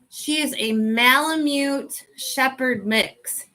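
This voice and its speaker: A woman podcast host who chats loosely and wanders off topic. Her voice sits a little high and sounds bright and sharp. She talks at an unhurried, drawn-out pace. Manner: rambling, chatty, sidetracked. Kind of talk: casual chat.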